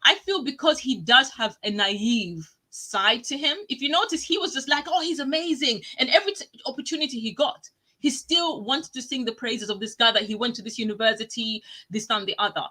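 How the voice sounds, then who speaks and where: A woman hosting a live online show, chatting casually and telling stories excitedly, often breaking into laughter. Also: a little high, brisk, rough recording. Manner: excitable, animated storytelling with laughs. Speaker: talk show host. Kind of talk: live casual TV review chat.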